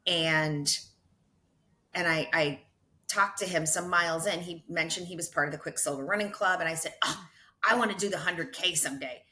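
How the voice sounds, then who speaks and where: Bright-voiced woman telling a running story. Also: on the low side. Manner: animated, quick to laugh, self-correcting restarts. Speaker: podcast guest, ultra runner. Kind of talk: casual storytelling interview.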